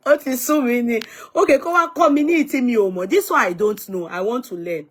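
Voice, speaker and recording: A young woman talks straight to her viewers in a casual vlog. She reads their comments aloud and scolds and teases them in a chatty, lively way. Yoruba phrases slip into her talk. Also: on the high side. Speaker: vlogger reading live comments.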